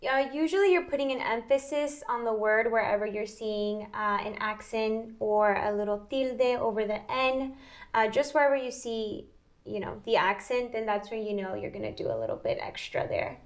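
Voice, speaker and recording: A woman's voice: a little high, expressive, normal speed. A woman tutor giving patient, short explanations and affirming with frequent mm-hmms. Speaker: language tutor. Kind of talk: casual explanation.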